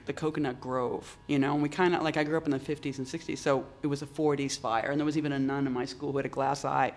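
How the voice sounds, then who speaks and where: An older poet from Boston, talking in a halting way with many restarts and strong emphasis. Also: mid-range voice, level tone, slight background noise. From Boston, United States. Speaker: poet, interview guest. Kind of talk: reflective conversation.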